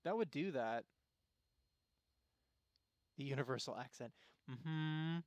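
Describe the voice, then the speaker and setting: A man talks his way through a gameplay stream, rambling from thought to thought and breaking off mid-sentence. His voice sits at an everyday middle pitch and sounds close and dry, with no room around it. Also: slow, no echo. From Arizona, USA. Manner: rambling, musing, self-interrupting. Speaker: game streamer. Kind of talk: casual gameplay commentary.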